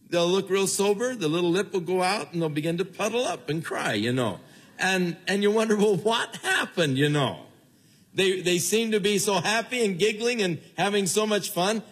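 An older man preaching a sermon in an earnest way, with his voice falling low and soft at the ends of phrases. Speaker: pastor.

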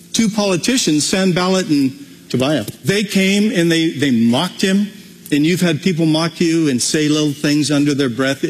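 A man preaching a conversational sermon as pastor, with frequent restarts. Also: high-pitched. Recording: long hall reverb.

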